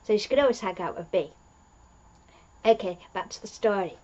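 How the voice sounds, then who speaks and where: A woman's voice: mid-range voice, moderate pace, dark tone, muffled recording. A woman talking as a fan reviewer, recapping an episode in a chatty, meandering way with lots of fillers and restarts. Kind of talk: rambling plot recap.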